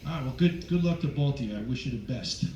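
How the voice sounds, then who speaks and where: A male comedian doing a stand-up set on a cruise ship stage, teasing the crowd loudly, with sudden jumps in pitch. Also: lively intonation, quick pace. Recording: echoey, distant, dull with crowd noise. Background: audience noise.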